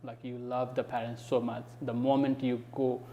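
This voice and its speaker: A man's voice: medium pitch, normal speed, highs cut off, a little hiss or hum. A man from Nepal with a Nepali accent, a podcast guest telling stories casually and filling his talk with "like". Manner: animated storyteller, fills with "like". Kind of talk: casual conversation.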